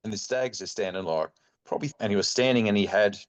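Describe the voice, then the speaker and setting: Middle-aged Australian male guest, low-pitched, loose and animated storyteller. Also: fast. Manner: rambling, animated anecdote telling with many fillers. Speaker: guest, bowhunting club chairman. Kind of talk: casual storytelling chat.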